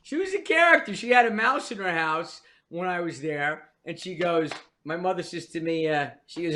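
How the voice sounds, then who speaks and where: A man's voice: high voice, animated, moderate pace, few pauses, pushed and bright, slight background noise. An older man from New Jersey, a veteran comedian telling wry, rambling stories as a podcast guest. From New Jersey, US East Coast. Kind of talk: storytelling in a podcast interview.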